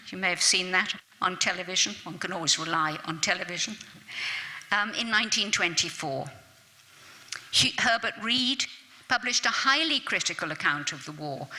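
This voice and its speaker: An older woman giving a literature lecture and reading poetry aloud, measured and reflective, with pauses and restarts. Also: on the low side, sharp tone. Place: lecture hall. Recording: long reverb of a lecture hall.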